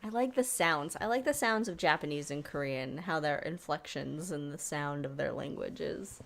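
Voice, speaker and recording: A woman's voice: low voice, normal speed, gravelly. A woman co-hosting a podcast in casual chat, laughing easily and reacting at length. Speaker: podcast co-host.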